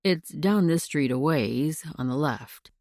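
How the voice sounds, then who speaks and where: A plain-spoken frontier sheriff, as the woman reading the audiobook puts him on, unhurried and folksy. His voice sits low and mellow, close and dry. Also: animated, dry recording, heavily acted. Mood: polite. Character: gruff small-town male frontier sheriff.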